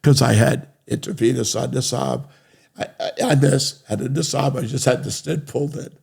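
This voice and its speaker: A man's voice: mid-range voice, moderate pace, creaky, a little mellow, slightly rough. An older man from Rhode Island, a guest on a talk show, telling stories in a blunt, profane way, often asking "right?" and laughing as he goes. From Rhode Island, USA. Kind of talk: casual storytelling.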